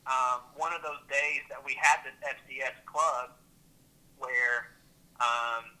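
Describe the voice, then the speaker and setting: A man, a teacher, telling a faith story with lively repeats and restarts. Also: mid-range voice, slow pace, rough recording. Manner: animated, repeats words and restarts. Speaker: teacher and Christian club leader.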